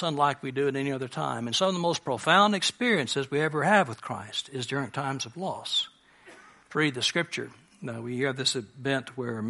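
A man preaching a sermon as a pastor, earnest, moving between emphatic lines and hushed ones. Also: a little high.

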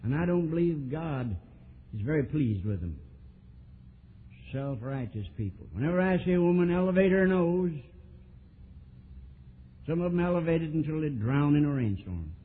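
A man preaching a sermon, telling a story and swinging from soft, low asides to emphatic, raised lines. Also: slightly rough. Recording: old tinny lo-fi sermon tape.

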